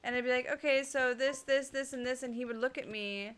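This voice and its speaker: Bright, bubbly young woman streamer. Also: sits high, fairly even intonation, fairly quick, clean tone. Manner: bubbly and chatty, with frequent restarts. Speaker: streamer, co-host. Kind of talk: casual livestream chat.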